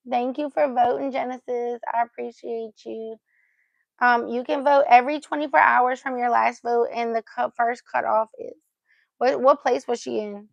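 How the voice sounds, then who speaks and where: A woman's voice: a little high, creaky, dry recording, muffled recording. A woman hosting a casual livestream, chatting to viewers and cooing playfully at her pet between remarks. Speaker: livestream host.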